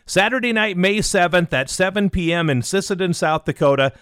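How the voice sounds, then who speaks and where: Man, country radio host, slightly high voice, upbeat chatty patter, dry close studio mic. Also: a little fast, a bit bright, clean tone, no room sound. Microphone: close studio microphone.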